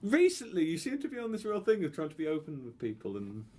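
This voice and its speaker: A young man co-hosting a casual chat podcast, teasing his friend with quick deadpan jokes. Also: fairly high pitch. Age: young adult. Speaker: podcast co-host.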